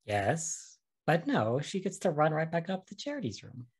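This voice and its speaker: A man's voice: on the high side, huge pitch swings, normal speed, darkish tone, slightly rough. A man guest co-host on a podcast, mostly giving brief agreeing interjections in casual chat.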